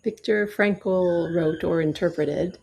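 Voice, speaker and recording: A woman with a low, gravelly and mellow voice leads a guided breathing meditation. She speaks slowly and softly, leaving long, calm pauses between her instructions. The faint background ambience stays steady under her voice. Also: slight background noise. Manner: slow, soft, calm guiding voice with long pauses. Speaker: yoga and breathwork teacher.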